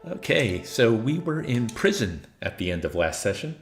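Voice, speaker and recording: A man's voice: medium pitch, big pitch swings, moderate pace, roomy sound, faint music behind. A man streaming a video game, casually chatting with viewers and laughing at himself. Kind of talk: casual gameplay commentary.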